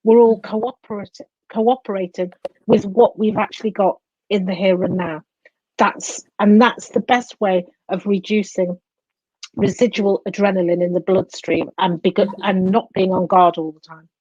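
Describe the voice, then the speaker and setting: A woman being interviewed as a coach and psychotherapist, explaining in an animated way and acting out the inner voices she describes. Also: medium pitch, moderate pace, no room sound, dull audio.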